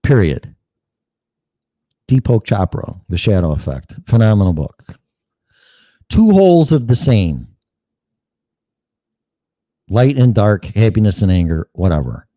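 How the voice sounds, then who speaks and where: Man, podcast host, heated profane rant, lively swooping pitch, mellow dark tone. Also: unhurried, long pauses, dry recording. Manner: blunt, heated, swears often, mocks opponents in put-on quotes. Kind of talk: profane political monologue.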